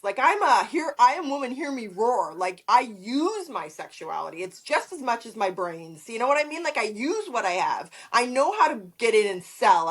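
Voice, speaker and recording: A woman's voice: a little high, husky. A woman talking bluntly as a podcast guest, swearing freely and laughing often. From Canada. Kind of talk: casual interview chat.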